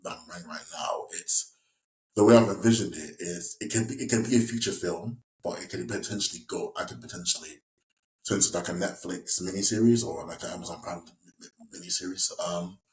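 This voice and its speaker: A man's voice: deep voice, brisk. A young English man from West Yorkshire, an actor guest in a casual interview, talking in a rambling way with many restarts and fillers. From West Yorkshire, England. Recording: echoey room.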